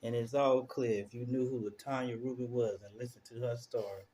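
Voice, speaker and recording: A man streamer giving casual live commentary, telling stories in animated slang. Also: mid-range voice, brisk, a little hiss or hum. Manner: animated storytelling, slangy, laughs through stories. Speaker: streamer reacting to clips.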